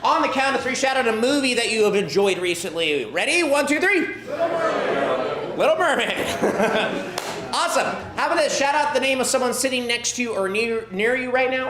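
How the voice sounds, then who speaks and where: Lively man hosting a live comedy show. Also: very high voice, brisk. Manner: upbeat, loud crowd-warming calls. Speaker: host of improv show. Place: theatre stage with live audience. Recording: echoey room, noisy audience.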